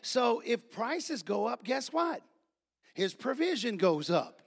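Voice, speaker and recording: A man preaching a sermon, telling folksy stories and building to repeated, shouted refrains. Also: very high voice, sing-song, slow pace, gravelly. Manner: folksy storytelling.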